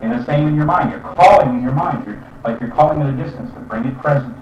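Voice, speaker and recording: A man's voice: medium pitch, quick pace. Earnest male spiritual teacher, distant roomy sound. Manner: earnest, explanatory, often asks "you see?". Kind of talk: spiritual teaching with chant demonstrations. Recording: roomy, distant, dull sound with faint traffic.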